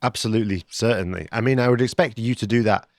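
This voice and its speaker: A man co-hosting a travel podcast, telling stories in a relaxed, chatty way. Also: on the low side, quick pace, no echo, studio quality. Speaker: podcast co-host. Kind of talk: casual chat.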